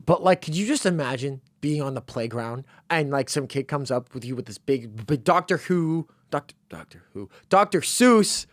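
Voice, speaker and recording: A young man co-hosting a college radio show, chatting casually and telling rambling, animated stories. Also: medium pitch, normal speed, few pauses, dry recording. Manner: excitable, rambling, animated storytelling. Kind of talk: casual chat. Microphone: studio microphone.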